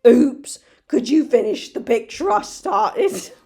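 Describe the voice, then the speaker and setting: A swooning, overwrought young heartthrob turned killer, as a woman puts him on in a hammy fake British accent. The voice sits a touch higher and pushier than her usual talk. Every line lands as a melodramatic fan-fiction confession. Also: animated, takes it slowly, darkish tone, slightly rough, faint music behind, exaggerated voice. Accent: put-on British. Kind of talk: comedic dramatic reading.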